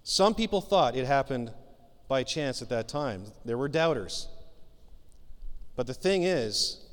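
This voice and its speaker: A pastor preaching a sermon in an earnest, conversational way, pausing often with fillers. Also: male voice, a little high, clear, resonant tone. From Canada. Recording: long reverb of a hall.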